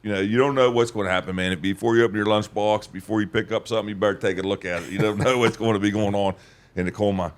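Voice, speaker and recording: A man's voice: steady tone, quick pace. A man, telling his life story in a rambling, folksy way. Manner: rambling, folksy, drops to a low mutter. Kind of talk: casual storytelling conversation.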